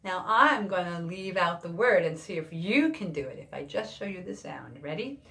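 A woman's voice: normal speed, hardly any pauses. A woman music therapist leading a preschool class, giving simple, encouraging instructions and mimicking animal sounds. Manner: lively, wide swings of pitch and loudness when mimicking animal sounds.

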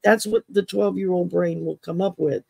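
A woman's voice: on the low side, fairly even intonation, normal speed, vocal fry, mellow, breathy edge, no echo. A middle-aged woman from Texas, hosting an interview and telling personal stories in a chatty way, often laughing as she talks. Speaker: podcast host. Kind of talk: casual interview storytelling.

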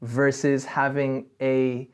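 A man speaks earnestly as a guest on a relaxed podcast. He tells his story with a steady, sincere delivery and leans on "you know" between thoughts. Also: mid-range voice, slow pace, clean tone. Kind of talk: casual podcast conversation.

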